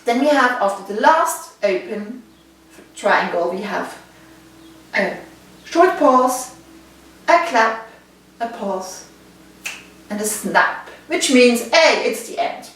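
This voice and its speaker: A woman with a Swiss German accent leads a body percussion lesson, speaking slowly and counting patterns aloud. Her voice sits a little high and reaches the mic from across a very reverberant room. A faint noise runs underneath. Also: animated, a bit bright, recorded from a distance. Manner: patient, counting rhythms aloud, checks in with listeners. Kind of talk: instructional video lesson.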